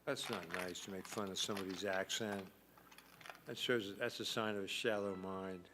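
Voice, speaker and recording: A man's voice: low voice, fairly even intonation, normal speed, noisy background. A man hosting a live trivia stream, reading out questions and answers and adding dry asides. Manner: wry, reads questions and adds asides. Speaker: trivia host.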